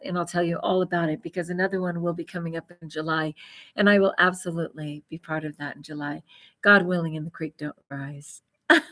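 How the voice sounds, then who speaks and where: A woman's voice: lowish voice, fairly bright tone. A middle-aged woman vlogger chatting casually on a livestream, rambling and laughing often.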